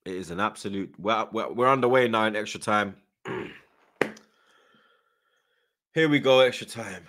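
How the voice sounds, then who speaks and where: A man rants through a live fan watchalong stream, his voice forceful and tense. He swears hard, repeats taunts and keeps firing back "yeah?" at the chat. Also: lowish voice, a little slow, pauses often. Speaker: streamer hosting a football watchalong.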